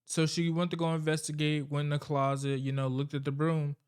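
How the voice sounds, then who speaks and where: A man's voice: fairly high pitch, flat delivery, brisk, clean tone. A man casually recapping a horror movie's plot, rambling and swearing freely as he talks. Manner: rambling, profane, loose storytelling.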